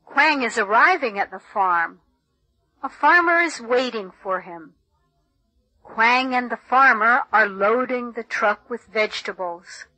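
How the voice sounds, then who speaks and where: A woman reads a textbook passage in a clear, deliberate way. Her voice is bright and lively in pitch, and she takes it slowly. The sound is dry and close. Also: dry recording, rough recording. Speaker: textbook audio reader. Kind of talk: scripted textbook narration.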